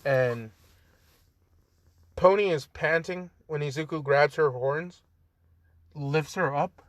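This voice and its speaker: Young man, casual storyteller, slow and rambling, slightly high voice, dry close mic. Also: dry recording. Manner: rambling, lots of fillers, swears and jokes aside. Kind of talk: casual improvised story narration.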